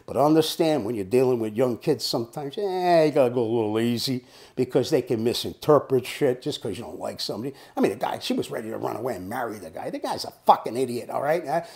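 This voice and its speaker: A man's voice: mid-range voice, lively intonation, quick pace, a little mellow. A man in his seventies telling a personal story in a casual way. He talks bluntly and swears freely, like a tough guy. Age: 70s. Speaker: storyteller host.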